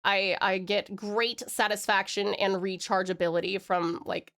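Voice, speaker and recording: A woman from Australia chatting casually on a live stream, rambling and giggly with lots of fillers, and her throat a little hoarse. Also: medium pitch, level tone, a little slow, fairly bright tone. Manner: rambling, giggly, loopy, with many fillers and restarts. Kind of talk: casual live-stream chat reading viewer messages.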